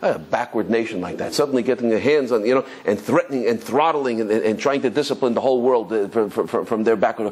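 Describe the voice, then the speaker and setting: A rabbi giving an animated Torah class, telling stories excitedly with stumbling repetitions and chuckles. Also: male voice, medium pitch, fast, few pauses, slightly rough. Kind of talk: animated Torah lesson with storytelling.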